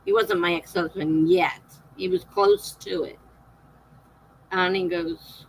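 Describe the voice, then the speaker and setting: A woman's voice: fairly low pitch, big pitch swings, takes it slowly, vocal fry, long pauses, slight background noise, poor audio. A middle-aged woman hosting a live stream, chatting casually with viewers, laughing often and reading out their comments.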